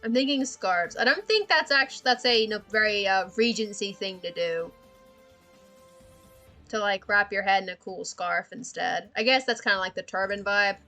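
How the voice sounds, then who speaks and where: A woman's voice: medium pitch, moderate pace, bright, forceful tone, soft background music. A woman streaming while she draws, chatting casually in a rambling way, swearing and laughing often. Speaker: art streamer. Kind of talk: casual livestream chat while drawing.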